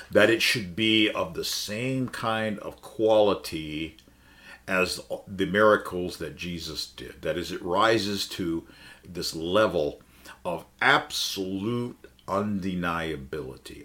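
A man's voice: sits low, fairly bright tone. A man teaching the Bible in a conversational sermon, emphatic and full of rhetorical questions. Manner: emphatic, asks the listeners many rhetorical questions.

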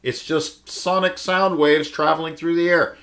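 A man's voice: fairly high pitch, steady tone, measured pace, fairly bright tone. A man teaching the Bible in a conversational sermon, emphatic and full of rhetorical questions. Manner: emphatic, asks the listeners many rhetorical questions.

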